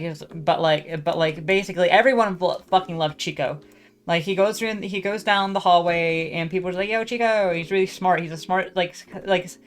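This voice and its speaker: A woman with a lowish voice rambles through a casual monologue, looping back on herself and restarting half her sentences. She swears offhandedly and keeps it loose. Faint music hums behind her. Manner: meandering, full of fillers and restarts, swears casually. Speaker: podcast host.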